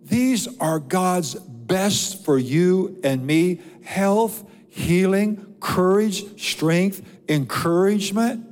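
A man's voice: high-pitched, very slow, hardly any pauses, darkish tone, big-room sound, faint music behind. A man preaching a sermon as pastor, reading scripture and building repeated lists of blessings. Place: church sanctuary.

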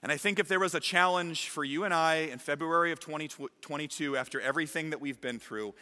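A man pastor preaching a sermon with animated storytelling in a church. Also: a little high, fast, hardly any pauses, big-room sound. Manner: animated storytelling, shifting from lively to hushed.

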